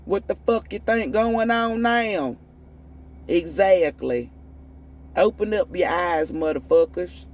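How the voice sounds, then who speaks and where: A woman's voice: lowish voice, animated, takes it slowly, a little mellow. Profane, fiery woman ranting. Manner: profane, emphatic, preachy; repeats and restarts words when fired up. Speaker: tarot reader. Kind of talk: ranting spiritual monologue.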